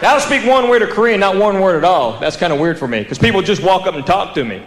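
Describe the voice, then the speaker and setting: A man with a Southern US accent doing stand-up comedy on a club stage, telling stories in a deadpan drawl and acting out the quotes. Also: high voice, quick pace. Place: comedy club stage before a live audience. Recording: roomy live venue with audience laughter.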